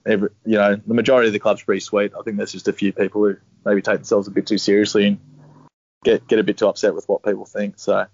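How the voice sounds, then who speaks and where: A young Australian man telling a rambling sports story in a relaxed, swear-laden way. His voice sits fairly low. The recording is dry and a little dull, with no room sound at all. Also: fast talker, dry recording. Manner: laid-back, swears freely, laughs while telling stories. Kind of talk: casual storytelling.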